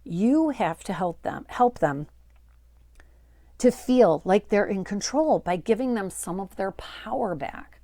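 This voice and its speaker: A woman's voice: medium pitch, lively intonation, slow pace, dark tone, dry recording, studio quality. A woman working as a dementia care coach, giving advice straight to her viewers in an emphatic, coaxing way and repeating phrases for stress. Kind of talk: direct-to-camera advice talk.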